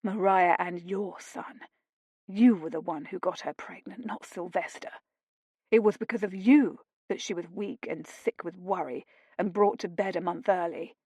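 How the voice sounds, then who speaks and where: A woman voicing a bitter, grieving gentleman who speaks coldly and clipped. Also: lowish voice, normal speed, husky, no room sound. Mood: cold anger. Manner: cold, clipped.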